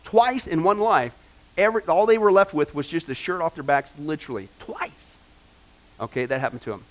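Animated high-voiced male preacher. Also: fast talker. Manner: animated storytelling, many fillers. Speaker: pastor. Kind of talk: sermon.

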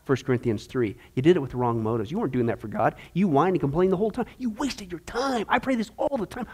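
A man with a high-pitched voice leads a Bible class for disciples. He talks in a chatty, animated way and leans on everyday analogies. He keeps checking in with the group, asking "okay?". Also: fast talker, hardly any pauses, slightly rough.

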